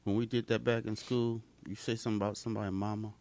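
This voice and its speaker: A man co-hosting a podcast, chiming in with jokes and animated comments. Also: on the low side, fast, no room sound. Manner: joking, animated interjections. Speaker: podcast co-host. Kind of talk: casual podcast interview.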